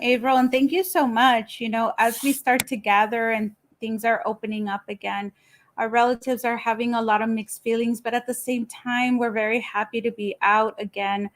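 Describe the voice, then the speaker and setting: Woman co-host, calm and informative, a bit higher pitched. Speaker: wellness event co-host. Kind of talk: educational wellness talk.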